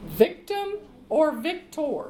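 A woman preaching a sermon, reading scripture slowly and emphatically and calling the congregation to respond. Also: sits high, big pitch swings, warm tone. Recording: echoey room with faint background noise.

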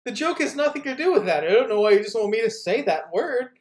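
A man's voice: high-pitched, very animated, brisk. Ranting profane male podcast comedian. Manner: profane, ranting, laughs often. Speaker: podcast co-host. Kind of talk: casual comedy podcast chat.

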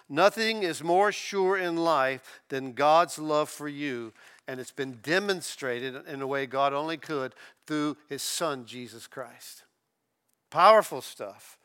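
A man preaching a sermon, earnest, rising to emphatic peaks and dropping soft, often repeating words as he starts a phrase. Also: fairly high pitch. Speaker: pastor.

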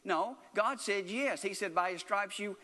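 A preacher delivers a sermon with earnest, insistent repetition, circling back and restarting phrases to press his point. His voice is a little higher than most men's, bright and forceful, at a measured pace. A long reverb fills the hall around him.

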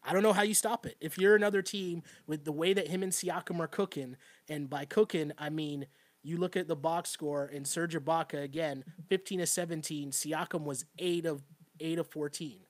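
A man hosts a loose sports talk stream, animated and rambling, with frequent laughs. His voice sits a little higher than most men's. The sound is close and dry. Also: normal speed, dry recording. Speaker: podcast host.

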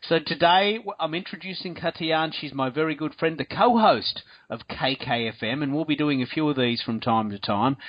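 A man's voice: a little high, normal speed, few pauses, no echo. An enthusiastic, chatty man with an Australian accent, hosting a casual podcast chat. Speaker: podcast host. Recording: dull, dry lo-fi sound.

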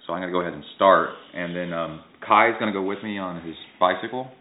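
A man speaks easygoing and plainly, his voice sitting on the low side. He sounds like he's in an echoey room. The audio is thin and phone-like. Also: fast. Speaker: triathlete and podcast host. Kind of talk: casual chat. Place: at home.

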